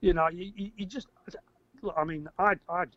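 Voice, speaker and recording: An older man tells a story as an interview guest, rambling, repeating words and getting animated when he acts out shouting. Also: sits high, normal speed, dry recording. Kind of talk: casual storytelling. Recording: dry, slightly muffled audio.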